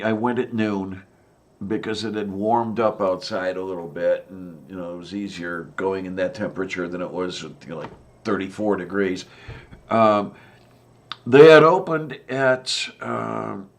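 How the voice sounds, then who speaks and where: A man's voice: low-pitched, fairly even intonation, measured pace. A man in a casual chat, easygoing, rambling through everyday anecdotes.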